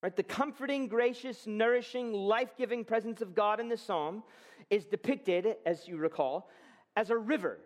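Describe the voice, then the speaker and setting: Male pastor preaching a fervent sermon; high voice, swelling emphasis.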